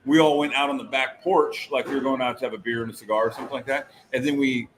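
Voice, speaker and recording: A man's voice: medium pitch, steady tone, fast talker, a crowd in the background, low-quality recording. A man in his forties, co-hosting a podcast, telling rambling stories in casual chat and laughing often. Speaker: podcast co-host.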